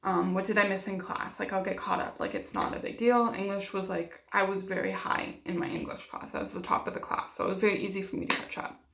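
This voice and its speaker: Fast-talking and expressive, this young vlogger has a medium-pitched voice that's gravelly and a bit bright. She tells a personal story with emotion, dramatizing what people said to her and using many fillers, in an echoey room.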